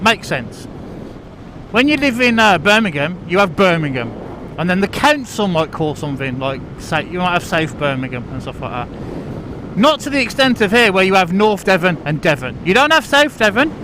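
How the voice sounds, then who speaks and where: A man's voice: sits high, background noise. A man vlogging while out riding a bike on country lanes, chatting in a rambling, self-deprecating way with lots of restarts and fillers. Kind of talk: casual rambling monologue.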